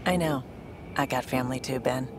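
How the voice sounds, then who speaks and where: A woman voicing a cool, capable female alien provisioner in a video game, speaking briskly and self-assuredly. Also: extremely low pitch. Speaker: ship's provisioner. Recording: game audio with loud noise.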